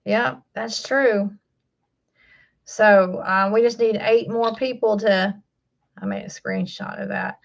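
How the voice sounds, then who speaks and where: In her forties and from the American South, this livestream host talks in a Southern drawl with a medium-pitched, steady voice and some vocal fry. She speaks at a measured pace, rambling casually with lots of fillers and restarts, and the audio is muffled.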